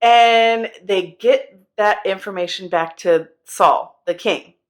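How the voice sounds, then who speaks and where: A woman telling a Bible story to kids in a chatty, slangy, animated way. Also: mid-range voice, slow. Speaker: children's Bible teacher.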